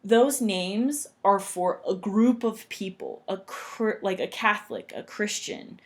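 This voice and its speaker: A young woman explaining English grammar to learners at a very unhurried pace. She speaks patiently and repeats her example sentences slowly and deliberately, with a pitch that sits in the middle of the range. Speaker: English teacher.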